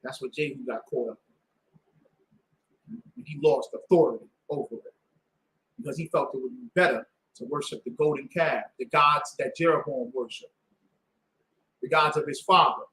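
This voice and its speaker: A man's voice: medium pitch, moderate pace, long pauses, pushed and bright, a little hiss or hum. A man teaching a Sabbath class, preaching with rhetorical questions and call-and-response to the room. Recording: echoey room.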